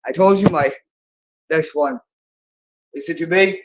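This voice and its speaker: A man with a slightly raised pitch speaks straight to his viewers in a rambling monologue. He sounds agitated and accusatory, and he circles back to the same phrases again and again. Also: unhurried.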